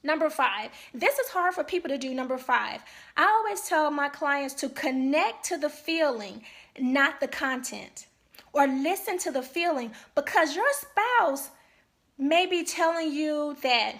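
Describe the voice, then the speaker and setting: A woman's voice: sits high, animated, measured pace, a bit bright. A woman marriage counselor giving an earnest, emphatic talk to couples, often checking in with "okay?".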